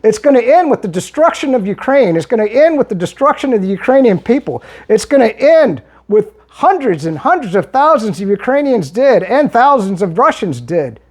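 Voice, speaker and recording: A man's voice: high-pitched, very animated, normal speed, few pauses, slightly rough. A man giving a heated, argumentative monologue as he answers viewer comments, often restarting his sentences. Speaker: political commentary vlogger.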